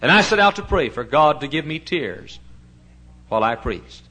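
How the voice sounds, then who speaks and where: Bright, forceful preacher man. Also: a little high, sing-song. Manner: shifts from soft, hushed storytelling to loud, thundering preaching with rapid lists; drawn-out, emphatic reading of scripture verses. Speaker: pastor. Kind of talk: fiery revival sermon.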